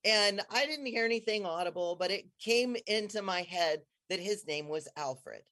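Excitable rambling storyteller, mid-pitched voice. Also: normal speed. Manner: excitable, bursts into high squeals when quoting herself; rambling, many restarts and trailing phrases. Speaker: guest telling a personal story. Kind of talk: casual conversational storytelling.

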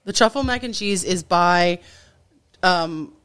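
A woman's voice: on the low side, takes it slowly, a bit bright, smooth. A woman co-hosting a podcast in casual chat, talking freely with lots of fillers and restarts. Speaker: podcast co-host.

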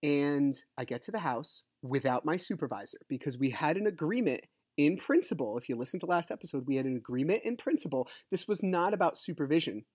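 A man's voice: fairly high pitch, lively intonation, a little fast, few pauses, darkish tone, no room sound, studio quality. A man hosting his own podcast, ranting in an agitated, swearing, rambling way about a custody fight. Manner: agitated, swears, talks over himself. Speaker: podcast host; divorced father. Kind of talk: casual ranting monologue.

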